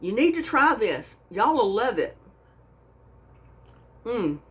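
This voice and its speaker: A woman's voice: fairly high pitch, big pitch swings, slow pace, a bit bright. A woman hosting her own cooking channel, gushing in a folksy way as she tastes her food. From Texas. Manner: folksy, gushing, says y'all a lot. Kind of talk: casual cooking vlog, taste-testing.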